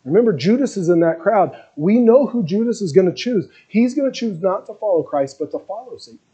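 A male preacher with a fairly high, husky voice delivers an earnest sermon. His tone is mellow rather than bright, and he builds steadily in intensity as he tells the story. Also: lively intonation, fairly quick, highs cut off. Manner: earnest, building in intensity, acts out scripture quotes.

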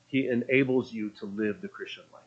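A man's voice: on the low side, fairly quick, husky, muffled recording. A man preaching a sermon in a conversational, storytelling way, often restarting his phrases.

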